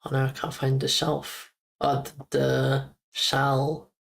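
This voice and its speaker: A woman's voice: very deep voice, little pitch movement, takes it slowly, creaky. A young woman streamer chatting casually, joking and giggling as she repeats words from a game. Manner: playful, giggly, jokes while repeating words. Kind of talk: casual live-stream chat.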